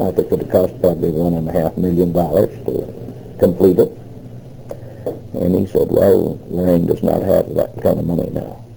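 A man's voice: deep voice, gravelly, dark tone, slight background noise, low-quality recording. An older man telling his memories in an oral history interview, rambling and retelling old conversations with many fillers. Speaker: interviewee recalling past work.

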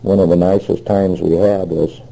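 A man's voice: low-pitched, little pitch movement, moderate pace, creaky, dark tone, rough recording. An older man telling his memories in an oral history interview, rambling and retelling old conversations with many fillers. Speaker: interviewee recalling past work.

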